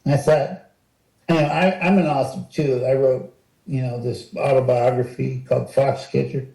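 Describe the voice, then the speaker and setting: A retired wrestler in his sixties, a guest in a casual interview, tells animated stories at a moderate pace in a creaky voice. His pitch rises as he acts out quotes, and the room echoes noticeably.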